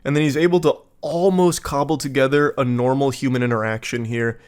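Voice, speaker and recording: Male online commentator, deadpan, dry sarcastic read, mid pitch. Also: a little fast. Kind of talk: comedic commentary on text messages.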